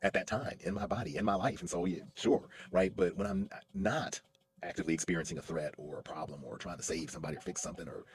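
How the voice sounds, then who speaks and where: A man's voice: low voice, fast. A man, a lawyer and stage actor, talking casually on a livestream, telling stories with lots of fillers and restarts. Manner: animated storytelling with many fillers and restarts. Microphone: livestream mic.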